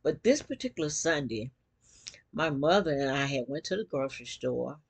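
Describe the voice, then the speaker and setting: A woman with a low, husky voice tells a personal story straight to camera. She is animated and slips into the voices of the people she quotes. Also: moderate pace. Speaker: vlogger.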